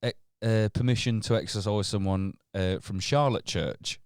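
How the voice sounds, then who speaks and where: Low-voiced sweary man riffing. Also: normal speed, clear, resonant tone, no echo, studio quality. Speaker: podcast co-host. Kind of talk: casual comedic chat.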